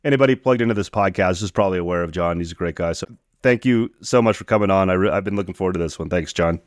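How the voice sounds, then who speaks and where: A man's voice: deep voice, very fast, no room sound, clean studio sound. A man hosting a podcast about local news, friendly and easygoing. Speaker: podcast host.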